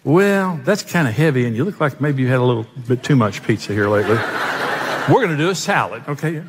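A man's voice: medium pitch, lively intonation, fast, background noise, close to an everyday voice. A man playing a fussy restaurant waiter who turns down orders in a bossy, mock-polite way. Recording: long hall reverb.

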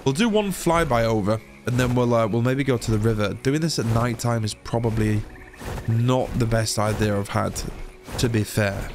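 A man's voice: medium pitch, normal speed, over music. A man from England giving casual, rambling commentary while playing a video game, swearing now and then. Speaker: gaming YouTuber.

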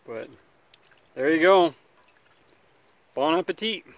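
A man hosting a casual outdoor survival vlog, talking in a relaxed, rambling way by a campfire, sometimes chewing as he speaks. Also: a little high, slow pace, no echo. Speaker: outdoor survival channel host.

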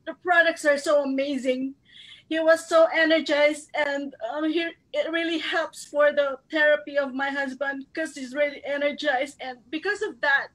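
A woman from the Philippines speaks in a high, bright register. She gives an earnest, heartfelt testimonial at a recognition event, working to keep her tears back as she speaks. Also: rough recording. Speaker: marketing director giving a recognition speech. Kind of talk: emotional testimonial speech.

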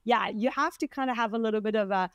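A middle-aged French-accented woman, an acupuncturist, hosts a casual podcast chat and animatedly acts out the voices of people she quotes. Her voice is a little high, quick and smooth, on a dry, muffled recording.

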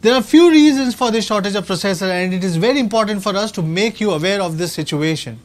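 A man's voice: high voice, animated, fast. A man giving a proud, rallying scripted keynote as a company executive at a product launch. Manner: proud, rallying, slightly stilted phrasing.

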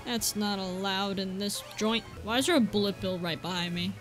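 A woman giving excitable gameplay commentary, yelping and cracking crude jokes. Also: medium pitch, normal speed, faint music behind. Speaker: gaming YouTuber.

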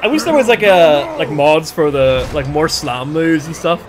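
A man doing casual gameplay commentary on a livestream, excitable, swearing freely and shouting at the game. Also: fairly high pitch, moderate pace, background noise.

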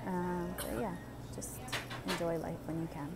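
A woman's voice: lowish voice, fairly even intonation, a little slow, loud music behind the voice, rough recording. A woman vlogging with her daughter, chatting casually and giggling often. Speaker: vlogger and mother. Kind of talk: casual vlog chat. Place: restaurant, then a mall coffee shop.

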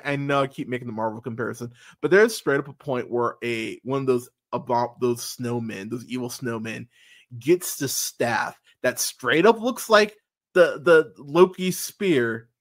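A movie podcast host giving a casual review as a rambling, profane rant full of fillers and restarts. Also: medium pitch.

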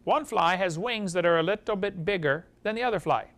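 Male lecturer, higher voice, folksy storyteller who chuckles as he teaches a class. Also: fairly quick, fairly bright tone. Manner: folksy storytelling, chuckles at his own jokes.

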